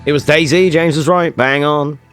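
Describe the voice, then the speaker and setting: Guy streamer goofing with chat, cusses a lot, some quiet music going behind. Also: a little high, fairly even intonation, normal speed. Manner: joking, swearing, reacting to chat. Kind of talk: casual live-stream chat.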